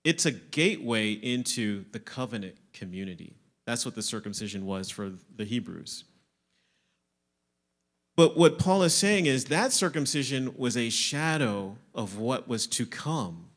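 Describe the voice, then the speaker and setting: A man's voice: medium pitch, expressive, a little slow. Man preaching a sermon. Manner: explanatory, asks and answers his own questions.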